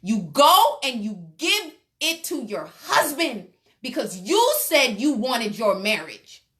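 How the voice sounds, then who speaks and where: A woman's voice: a little high, very animated, slow, a bit bright. A woman giving a motivational relationship talk, emphatic and preacherly, speaking straight to her listeners.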